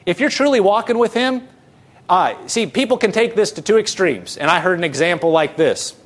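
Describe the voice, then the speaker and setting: Middle-aged male pastor with a high voice, earnest and conversational, full of rhetorical questions. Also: lively intonation, moderate pace. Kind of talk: conversational sermon.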